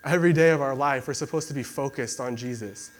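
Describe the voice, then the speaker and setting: A man's voice: mid-range voice, fast, slight background noise. Young man preaching in a casual way. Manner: conversational, many fillers like "like". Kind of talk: casual sermon and prayer.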